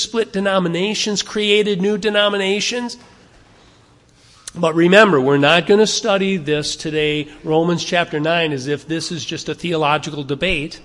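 A male pastor delivering a sermon with a slightly higher-than-usual voice, warm and conversational yet earnest. He keeps firing rhetorical questions at his listeners and doubles back on phrases for emphasis. His voice carries a long reverb from a church hall. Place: church sanctuary.

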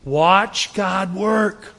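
Man, pastor, sermon, earnest and exhorting, rhetorical questions, slightly high voice, long church reverb. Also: very slow, vocal fry, sharp tone.

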